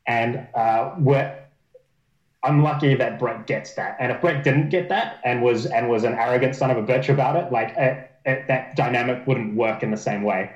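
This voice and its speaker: A man's voice: mid-range voice, normal speed, roomy sound, dull audio. A man who coaches, talking casually on a podcast, often repeating and restarting his phrases. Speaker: powerlifting coach.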